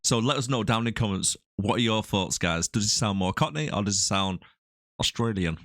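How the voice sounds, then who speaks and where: A man's voice: lowish voice, animated, a little fast, a bit bright, no room sound, clean studio sound. A man co-hosting a casual movie review podcast, easygoing as he shares trivia. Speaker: podcast co-host.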